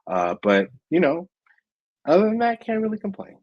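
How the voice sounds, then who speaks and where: A man's voice: sits high, huge pitch swings, normal speed, no room sound, dull audio. A man in his forties co-hosting a casual sports podcast, speaking in a laid-back, easygoing way. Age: 40s. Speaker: podcast co-host.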